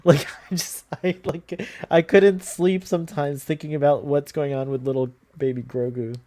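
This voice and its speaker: A man's voice: fairly high pitch, fairly even intonation, moderate pace, mellow. A man co-hosting a podcast, chatting eagerly with lots of laughs and fillers. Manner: enthusiastic, laughs often, hesitant fillers. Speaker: podcast co-host. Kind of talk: casual chat.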